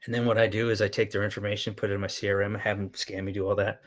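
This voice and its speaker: A man hosting a live-streamed sales pitch, answering viewer chat in a pushy, hyped salesman patter with mild swearing. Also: flat delivery, rapid-fire. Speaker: host selling his own product.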